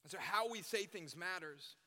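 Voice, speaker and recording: A man's voice: high voice, lively intonation, moderate pace, bright, forceful tone. A young man preaching to a youth group, earnest, repeating his key phrases for emphasis. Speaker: youth pastor. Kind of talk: sermon. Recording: long reverb in a hall.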